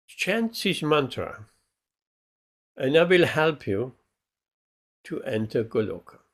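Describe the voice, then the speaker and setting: A man voicing a kind, perceptive male sage who quietly advises a devotee in a devotional story. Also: a little high, creaky, breathy edge, full character voice. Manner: confiding, advising.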